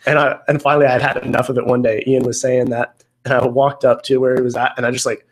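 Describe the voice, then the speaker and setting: A man's voice: medium pitch, level tone, fast talker. A man co-hosting a casual podcast, teasing and telling funny stories about friends. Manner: joking, teasing storyteller. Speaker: podcast co-host. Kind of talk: casual banter.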